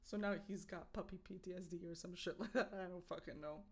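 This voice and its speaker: A woman's voice: on the low side, quick pace, gravelly, a little hiss or hum. A young woman co-hosting a podcast, casually telling a story with lots of swearing, acted-out voices and laughter. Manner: animated, swears, acts out voices and laughs a lot. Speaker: podcast co-host. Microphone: streaming setup mic.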